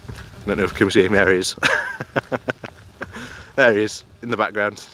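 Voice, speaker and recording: A man's voice: on the low side, fairly even intonation, brisk, fairly bright tone, slight background noise. A man giving rambling, casual political commentary while walking outdoors. He often laughs as he talks and films himself on a handheld camera. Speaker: political vlogger. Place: outdoors on a morning walk.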